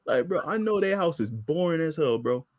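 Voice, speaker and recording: A man's voice: on the high side, expressive, brisk. A man co-hosting a casual commentary chat, rambling and laughing as he talks.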